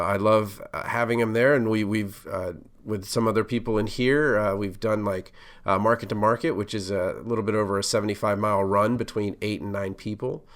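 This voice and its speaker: A middle-aged man talks alone on his podcast in a relaxed, rambling way. His voice sits a little low. He fills his thoughts with "uh" and restarts sentences as he goes. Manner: casual, rambling, many fillers and restarts. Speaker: podcast host, pharmacist. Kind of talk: solo podcast monologue.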